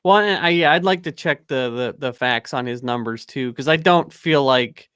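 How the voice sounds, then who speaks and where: A man's voice: medium pitch, normal speed, a bit bright, clear, resonant tone, no room sound, studio quality. A man hosting a political talk stream, conversational and thinking aloud.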